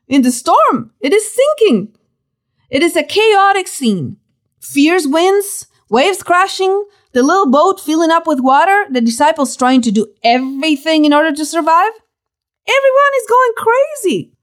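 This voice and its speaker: A woman giving expressive Bible teaching, telling the story dramatically and stressing key words. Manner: dramatic, animated storytelling with sudden pitch swings.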